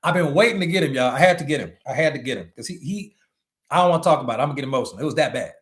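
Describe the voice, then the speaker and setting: A man giving a motivational leadership talk to network marketers, animated and preachy, with slangy asides and sudden shouts. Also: on the high side, racing.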